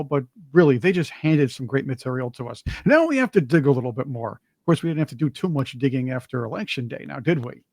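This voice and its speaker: A man with a somewhat high voice co-hosting a casual political talk show. He speaks emphatically and mockingly, often stumbling over repeated words. The recording is very dry and close. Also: darkish tone, dry recording. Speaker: co-host.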